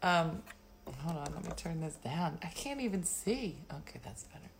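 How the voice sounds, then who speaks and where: A woman's voice: on the low side, expressive, moderate pace, vocal fry, noisy background. A middle-aged woman hosting a live stream, chatting casually, rambling and laughing often. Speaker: livestream host.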